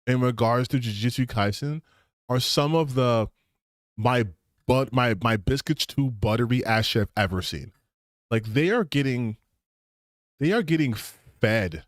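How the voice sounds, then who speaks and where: A man ranting casually on his stream, animated and profane, with bursts of excitement. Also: mid-range voice, no room sound, studio quality.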